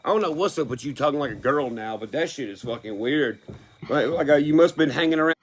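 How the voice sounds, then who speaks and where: A man's voice: on the high side, expressive, fast talker, husky. A young man, a country music artist, ranting bluntly with heavy swearing. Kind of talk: profane opinion rant.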